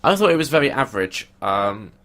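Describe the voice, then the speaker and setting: A man's voice: medium pitch, sing-song, a little fast, a bit bright. A man co-hosting a podcast, giving opinionated, casual takes on a film. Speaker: podcast co-host.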